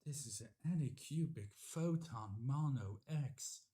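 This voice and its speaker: A man's voice: medium pitch, animated, unhurried, dark tone. A man hosting a casual livestream at home on a desktop USB microphone, chatty and a little apologetic about the sound. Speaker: livestream host.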